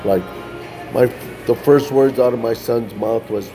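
A man's voice: mid-range voice, unhurried, over music. A man casually telling a personal testimony, loose and conversational, often tossing in "man" and restarting phrases. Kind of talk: casual storytelling.

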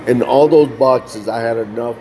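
A man's voice: mid-range voice, normal speed. A man casually telling a personal testimony, loose and conversational, often tossing in "man" and restarting phrases. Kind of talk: casual storytelling.

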